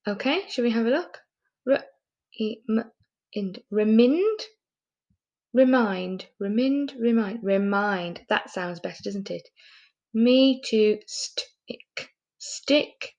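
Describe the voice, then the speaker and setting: A woman teaching a recorded phonics lesson to young children, sounding out words patiently and asking gentle teacherly questions. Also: on the high side, slow, gravelly, pauses often, muffled recording. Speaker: primary school teacher.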